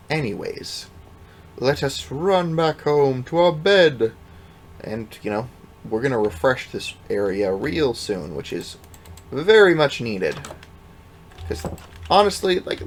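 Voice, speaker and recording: A man's voice: mid-range voice, a little hiss or hum. A man giving casual, rambling commentary over his gameplay, offhand and self-deprecating, with the odd swear. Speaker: let's play gamer.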